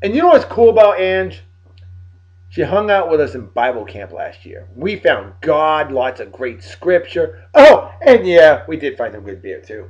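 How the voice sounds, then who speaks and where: A tired man giving joking, animated shout-outs to friends in a casual vlog. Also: on the high side, measured pace. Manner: animated, joking sports banter. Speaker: vlog host. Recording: dull lo-fi recording.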